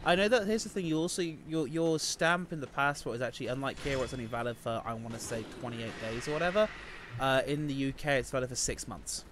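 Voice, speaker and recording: A man's voice: mid-range voice, quick pace. Chatty British man, noisy stream. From United Kingdom. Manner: chatty storyteller, laughs often. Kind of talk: casual chat. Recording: noisy home stream audio.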